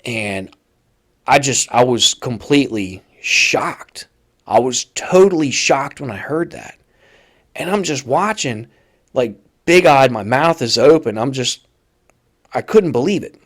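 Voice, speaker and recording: A man's voice: medium pitch, lively intonation, measured pace. A man telling a story from his time in prison in a casual, conversational way as a podcast host. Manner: casual, conversational, acts out quoted voices loudly. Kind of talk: first-person storytelling monologue.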